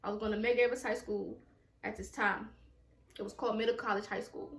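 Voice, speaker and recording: A woman's voice: medium pitch, flat delivery, quick pace, roomy sound. A woman telling a personal story time at home, in a raw, emotional, profane way with many repetitions. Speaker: vlogger.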